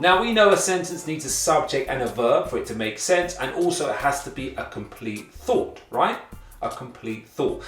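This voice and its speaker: A man hosting a kids' grammar lesson, talking to the class in an energetic, encouraging way. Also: a little high, roomy sound, distant mic. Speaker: rapping teacher and show host. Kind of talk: upbeat grammar lesson for kids.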